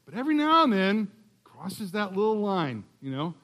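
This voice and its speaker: High-voiced man preaching a sermon. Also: sing-song, normal speed, fairly bright tone. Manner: conversational preaching with humor and asides. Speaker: guest preacher. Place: church.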